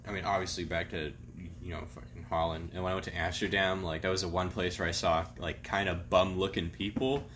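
A man's voice: sits low, fairly even intonation, brisk, fairly bright tone, slight background noise. A young man co-hosting a casual podcast, telling rambling stories, swearing freely and laughing often. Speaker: podcast co-host. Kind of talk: casual chat.

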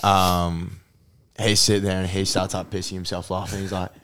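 A man's voice: sits low, flat delivery, moderate pace, fairly bright tone, clear, resonant tone. A young man telling a rambling story in a casual podcast chat, full of fillers and swearing. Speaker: podcast co-host.

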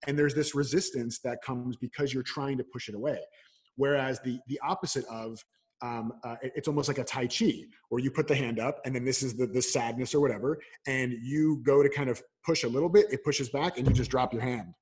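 Guy talking fast in a casual interview, acts stuff out as he explains. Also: medium pitch, husky. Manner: animated storyteller, acts out voices. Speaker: coach, podcast guest.

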